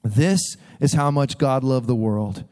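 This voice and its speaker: A man preaching a sermon as a pastor, conversational and animated, acting out voices as he tells stories. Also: medium pitch, slow pace. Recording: long hall reverb.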